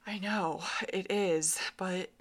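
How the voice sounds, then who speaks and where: A woman's voice: on the low side, steady tone, takes it slowly. A young woman co-hosting a podcast, telling stories in casual chat and acting out the quotes. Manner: chatty storyteller, acts out quotes, laughs often. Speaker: podcast co-host.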